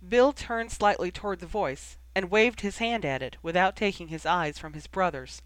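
A reader narrating a fan fiction audiobook in a measured, expressive way. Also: mid-range voice, no room sound.

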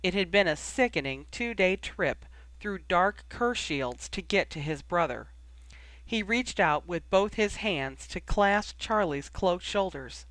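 A man narrates a story in a steady, even reading voice, pitched a little high. The recording is close and dry, with no room echo. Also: measured pace. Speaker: audiobook reader. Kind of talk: fan fiction audiobook narration.

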